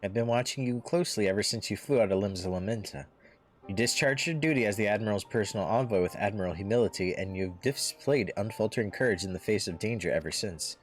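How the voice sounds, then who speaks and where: A man's voice: fairly low pitch, faint music behind, lightly acted. Thancred, a suave rogue, read by a man. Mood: composed. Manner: smooth, formal, measured. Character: suave, knowing male rogue and spy, adult. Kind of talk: reading game dialogue aloud.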